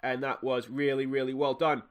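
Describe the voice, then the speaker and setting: A young Australian man commentating his own football management gameplay, calm between plays and shouting with laughter when goals go in. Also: mid-range voice, moderate pace. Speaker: let's play host.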